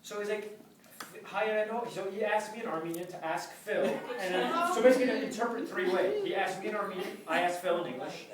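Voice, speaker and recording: A man's voice: high voice, fast, hardly any pauses. A man telling a comic story live, acting out the people he quotes in funny voices. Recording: distant mic, roomy echo, loud crowd. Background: audience laughter.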